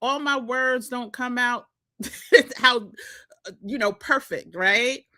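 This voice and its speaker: This social media coach has a New York accent and a fairly high, sharp voice that moves at a slow pace. She addresses viewers in a casual, chatty vlog and laughs frequently.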